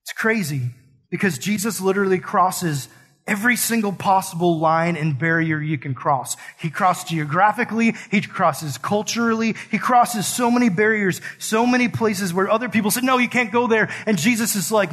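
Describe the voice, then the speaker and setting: A man's voice: high-pitched, normal speed, a bit bright. A man preaching a sermon in an earnest, conversational way, mixing scripture with casual slang. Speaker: pastor.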